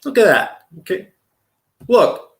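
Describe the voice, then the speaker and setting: A man hosting a reaction commentary, talking in a sarcastic, taunting, drawn-out way. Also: high voice, very animated, creaky, reverberant. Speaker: commentary host.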